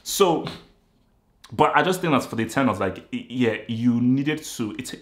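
A man's voice: medium pitch, expressive, moderate pace. A man giving a casual, rambling film review, repeating himself and stating blunt opinions. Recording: roomy echo.

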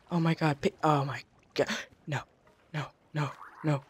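A woman's voice: low voice, steady tone, normal speed, pauses often, slightly rough. A woman hosting a let's play, giving jittery gameplay commentary, exclaiming often and talking to her viewers.

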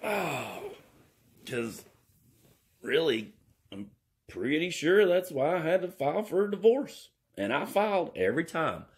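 A man rambles and cracks jokes in a drawling, easygoing way. His pitch swoops widely as he talks. He takes his time with every phrase. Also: big pitch swings, unhurried, husky. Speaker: vlogger. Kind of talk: rambling comic vlog. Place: indoors.

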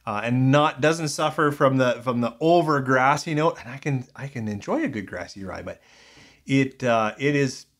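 A man's voice: medium pitch, animated, moderate pace, a bit bright. A man casually reviewing whiskies in a rambling, thinking-aloud way, full of fillers and restarts.

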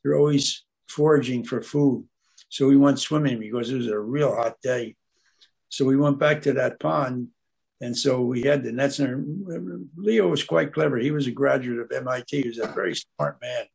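A man's voice: medium pitch, moderate pace, creaky, darkish tone, husky. An older man speaking as a guest at an aquarium club, telling rambling stories and often stopping to search for words. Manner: meandering, searches for words with many fillers. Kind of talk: rambling anecdotal storytelling.

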